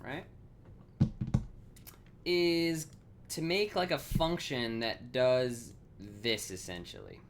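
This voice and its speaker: A man talks slowly through his code on a live stream, wandering through fillers and corrections as he goes. His voice sits at an ordinary middle pitch. Faint keyboard typing clicks behind him. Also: slight background noise. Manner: thinks aloud, rambling with fillers and self-corrections; swears casually and laughs at himself. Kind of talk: casual live coding stream talk.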